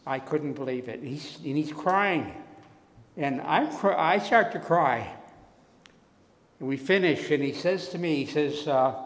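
A man preaching a sermon, telling his own story slowly, dropping to soft tones and then rising loud. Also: a little high. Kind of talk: sermon testimony. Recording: echoey hall with long reverb.

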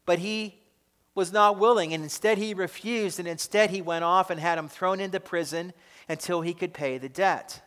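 A male pastor preaching a sermon with emphatic delivery, swinging between loud stresses and quiet drops, recorded with an echoey hall reverb. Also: high voice, fairly even intonation, normal speed, clear, resonant tone.

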